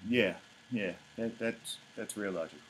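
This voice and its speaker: Brief: vlog host, fairly low man's voice, blunt profane rant, faint noise behind. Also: normal speed, a bit bright, rough recording. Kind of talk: casual ranting commentary.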